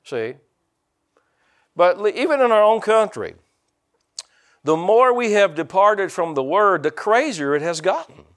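A man's voice: high voice, big pitch swings, unhurried, pauses often. An older man, a pastor preaching a folksy, joking sermon and calling out to his congregation.

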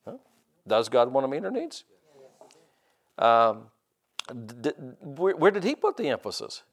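Animated pastor preaching with drawn-out emphasis. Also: male voice, medium pitch. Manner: animated preaching, drawn-out emphatic scripture quotes, asides to the congregation. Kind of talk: sermon.

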